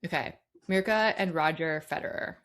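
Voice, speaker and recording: A woman's voice: low voice, moderate pace, a bit bright. A woman co-hosting a sports podcast, talking casually with lots of fillers. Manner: chatty, many "like" fillers. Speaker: podcast co-host.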